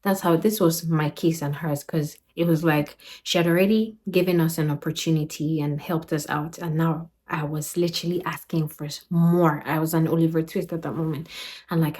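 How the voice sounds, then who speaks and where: Low-voiced Nigerian woman telling a story. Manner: animated retelling, acting out quoted voices. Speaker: vlogger. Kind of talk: storytelling travel vlog.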